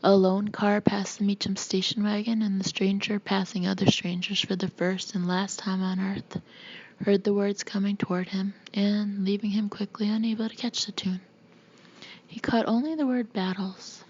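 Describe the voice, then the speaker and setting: A woman reading a novel aloud in a soft, hushed whisper, as a whispered audiobook reading. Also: mid-range voice, flat delivery, moderate pace. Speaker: narrator. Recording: dull muffled recording.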